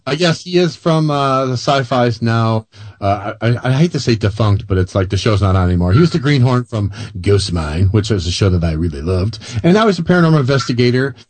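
A man's voice: mid-range voice, lively intonation, a little fast, dry recording. A man co-hosting a paranormal radio talk show, joking and teasing in casual chat.

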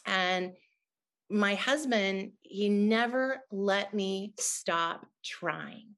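A woman's voice: medium pitch, drawn-out words, a bit bright. A middle-aged woman, a guest in an interview, telling a personal testimony in an earnest, emotional way.

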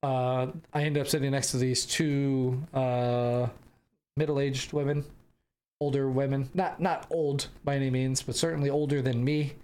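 A man's voice: mid-range voice, level tone, a little slow, darkish tone. A young American man hosting a podcast, telling a travel story casually with rambling restarts and bursts of laughter. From United States. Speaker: podcast host.

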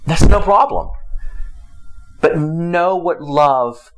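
Male marriage teacher, faith-based talk, a bit high-voiced, emphatic and repetitive. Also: animated, drawn-out words, low-quality recording. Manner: emphatic, repeats phrases, swings pitch up and down.

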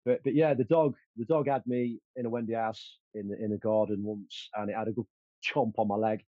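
A man's voice: lowish voice, steady tone, a little fast, dry recording, narrow, tinny audio. A man telling stories as an interview guest, confident and boastful, with many fillers and restarts. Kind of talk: casual storytelling.

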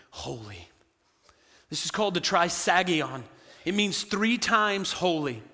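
A man preaching a sermon to his congregation, animated and full of quick asides to the listeners, recorded in a church sanctuary. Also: fairly high pitch, long reverb tail. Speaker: pastor.

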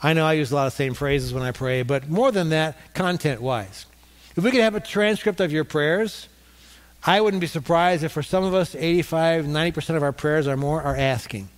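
A man's voice: a little high, a little fast. A man preaching a sermon as pastor, repeating key points for emphasis with occasional fillers. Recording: long hall reverb.

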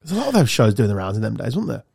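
A man's voice: lowish voice, sing-song, rapid-fire, vocal fry, a little mellow, slightly rough, dry recording, clean studio sound. A man, hosting a podcast in joking, chatty banter. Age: 30s. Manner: joking, chatty, laughs often. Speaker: podcast host. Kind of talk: casual banter.

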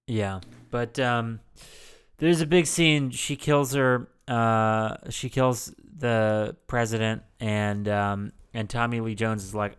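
A man with a smooth, resonant voice and a mid-range pitch hosts a loose movie podcast. He jokes, curses freely and keeps dropping into quick impressions of the people he quotes. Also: fairly even intonation. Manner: profane, jokey, breaks into put-on voices. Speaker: podcast host. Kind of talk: casual movie-podcast chat.

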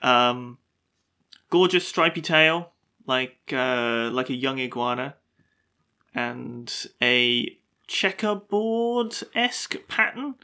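Bright, gravelly-voiced man co-hosting. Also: mid-range voice, lively intonation, slow. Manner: descriptive, easygoing with fillers. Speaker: podcast co-host. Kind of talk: casual science chat.

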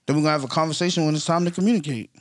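A man co-hosting a casual chat show, talking in an animated way and acting out the lines he quotes. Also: on the high side, racing, a little hiss or hum. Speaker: podcast co-host.

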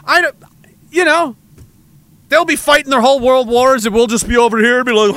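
A man's voice: very high-pitched, fairly even intonation, a little fast, long pauses, fairly bright tone, no room sound. A man from Canada hosting a livestream, ranting sarcastically and with a lot of profanity, reading chat and laughing often. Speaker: livestream host.

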